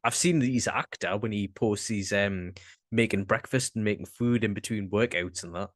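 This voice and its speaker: Northern English man, podcast co-host, low voice, dry close sound, laid-back and hesitant. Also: moderate pace, no echo. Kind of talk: casual chat.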